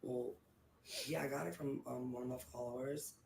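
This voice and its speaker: Woman streamer, really low voice, easygoing, faint hiss behind. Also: moderate pace, vocal fry, reverberant. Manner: relaxed, drawls, talks to viewers as "y'all". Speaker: livestreamer. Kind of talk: casual chat.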